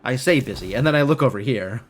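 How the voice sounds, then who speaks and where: A man's voice: mid-range voice, animated, quick pace, faint music behind. A man streaming a game live, thinking aloud in casual, rambling commentary full of "like" and puzzled questions to himself.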